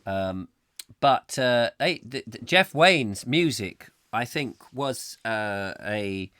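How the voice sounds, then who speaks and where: Male host, chatty and rambling, lively pitch. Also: takes it slowly, clean tone, no room sound, clean studio sound. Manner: rambling, playful, self-mocking, hums tunes. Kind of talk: live comic chat show, reading viewer comments.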